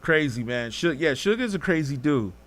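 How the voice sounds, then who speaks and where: A podcast host with a higher, somewhat bright voice and lively intonation tells a story at normal speed. He rambles casually, swears, and acts out what people said.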